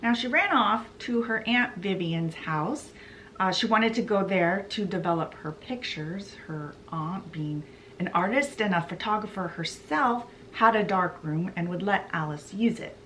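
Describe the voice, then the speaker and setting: A woman's voice: medium pitch, a little slow, fairly bright tone, slight background noise. A woman hosting a book vlog, recapping a story in a chatty way with asides. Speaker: book vlogger.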